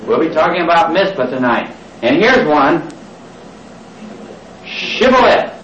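In a church hall, a man preaches to his congregation, getting them to repeat words aloud and tossing in jokey asides. His voice is on the high side, sing-song, and fairly bright at a measured pace, on an echoey, distant, lo-fi cassette recording with slight background noise.

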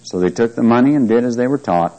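A man's voice: medium pitch, animated, fast talker, mellow, poor audio. A man teaching a Bible class, reading scripture aloud and quizzing his listeners with questions.

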